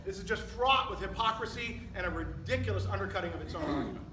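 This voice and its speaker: A man's voice: high-pitched, animated, fast talker, background noise. A middle-aged male pastor preaching a sermon, emphatic and full of rhetorical questions to his congregation. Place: church sanctuary. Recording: echoey church recording from a distance.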